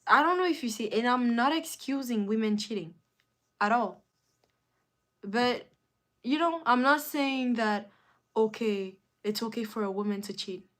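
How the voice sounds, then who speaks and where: A woman's voice: fairly high pitch, lively intonation, a little slow, fairly bright tone. A woman hosting a live stream in casual chat, answering viewer comments with emphatic, repeated phrases.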